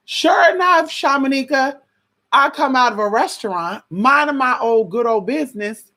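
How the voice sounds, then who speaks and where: A woman vlogger casually telling a story to a viewer, sassy and slangy, acting out what people said. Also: moderate pace. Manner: sassy, animated, slangy, swings pitch widely acting out quotes. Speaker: vlogger giving advice.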